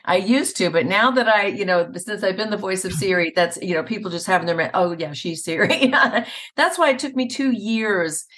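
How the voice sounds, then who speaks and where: A woman's voice: medium pitch, animated, normal speed, a bit bright. A middle-aged woman voice actor chatting in an interview, telling stories and laughing often. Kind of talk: casual interview conversation. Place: Atlanta area.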